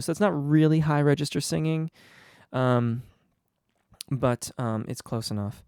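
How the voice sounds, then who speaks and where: A male singing teacher answering viewer questions live, a bit under the weather, explaining in a relaxed way with frequent ums and restarts. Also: mid-range voice, normal speed, clean tone, dry recording, clean studio sound. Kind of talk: live Q&A on voice technique.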